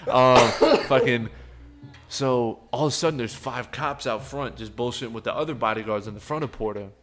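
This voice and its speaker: A man's voice: mid-range voice, moderate pace, fairly bright tone, a little hiss or hum. A young man, telling a wild story on a podcast with lots of swearing and acted-out quotes. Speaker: podcast co-host. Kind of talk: casual storytelling chat.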